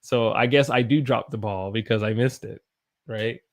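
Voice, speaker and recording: An American man teaching English on a live stream, repeating words slowly for learners and answering questions from the chat. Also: on the low side. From United States. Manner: slow, drawn-out spelling and repetition of words for learners.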